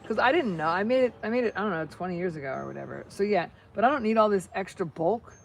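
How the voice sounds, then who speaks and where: A woman's voice: medium pitch, expressive, fast talker, vocal fry, a little hiss or hum. A middle-aged American woman chatting casually to viewers while crafting, rambling, with many restarts. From United States. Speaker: vlogger.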